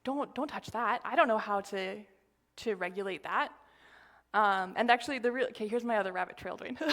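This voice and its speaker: A woman sharing an informal sermon at church, chatty and rambling, with lots of fillers and asides, whispering when she quotes others. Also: on the high side. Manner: drops to a hushed whisper for quoted lines. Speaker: church speaker sharing a message.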